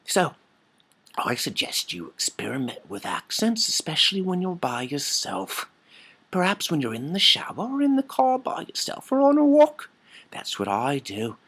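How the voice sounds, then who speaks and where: A man's voice: on the high side, wildly swooping pitch, moderate pace, a bit bright, husky. A middle-aged man explaining accents in a playful way, dropping into whispered asides. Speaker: teacher on accents. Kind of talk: playful explanatory talk to camera.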